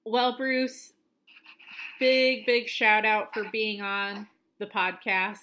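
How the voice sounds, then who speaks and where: A woman hosting a podcast, bubbly and quick to laugh. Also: mid-range voice, flat delivery, pushed and bright. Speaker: podcast host. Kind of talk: casual interview chat.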